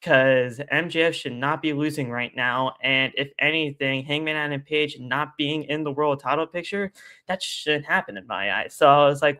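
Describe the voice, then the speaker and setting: A man as a guest on a casual live stream, talking at length in an animated, rambling way and repeating his stock phrases. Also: on the high side, moderate pace, smooth.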